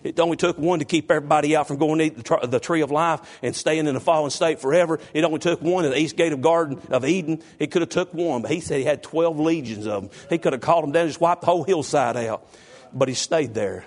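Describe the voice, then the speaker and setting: Middle-aged male pastor, slightly high voice, loud exhorting sermon delivery. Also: quick pace. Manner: rising to loud exhorting, calls on congregation by name.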